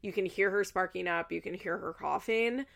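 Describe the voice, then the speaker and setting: A woman's voice: on the low side, moderate pace, gravelly, fairly bright tone. A woman host chatting casually in a recap, chatty and loose with fillers and the odd swear word.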